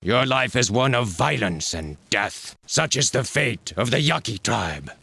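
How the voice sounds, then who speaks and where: A man's voice: medium pitch, lively intonation, measured pace, gravelly, bright, forceful tone, slightly rough, dry recording, clean studio sound, exaggerated voice. A man voicing a solemn fighting-game character who pronounces fate in a grave tone. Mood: ominous.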